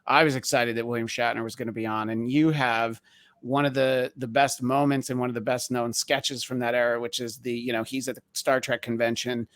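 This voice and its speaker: A male podcast host asks long, rambling questions, padding them with "you know" and "uh". His voice is medium in pitch and sits dry and close to the mic. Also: little pitch movement, fairly quick, fairly bright tone, no room sound. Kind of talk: casual interview.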